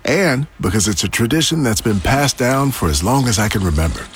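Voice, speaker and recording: A man's voice: medium pitch, expressive, fairly quick, slight background noise, close to an everyday voice. A man playing a patient father who is teaching his child to cook the family gumbo in a scripted radio ad. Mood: gentle.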